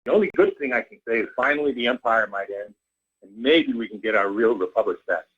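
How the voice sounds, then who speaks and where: Man, radio caller, husky voice, blunt agitated rant, muffled phone line. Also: medium pitch, lively intonation, brisk. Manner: blunt, agitated, repeats "all right?".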